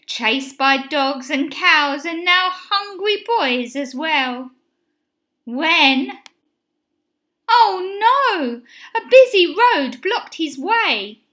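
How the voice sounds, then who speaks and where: A woman teacher reading a children's picture book aloud in an expressive, sing-song way. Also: sits high. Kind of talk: storybook read-aloud.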